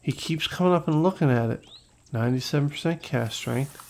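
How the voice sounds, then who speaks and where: A man hosting a gaming channel, giving casual, excitable gameplay commentary, talking to viewers and swearing when things go wrong. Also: fairly high pitch, fairly quick, slight background noise, rough recording.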